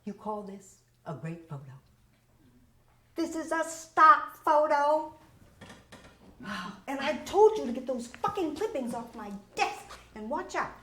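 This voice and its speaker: A woman's voice: mid-range voice, sing-song, moderate pace, hardly any pauses, recorded from a distance, a little hiss or hum. A woman voicing a brash, foul-mouthed female boss who barks orders, in a roomy live theater recording. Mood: bossy, scolding. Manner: barking orders, profane, loud. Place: stage of a small theater.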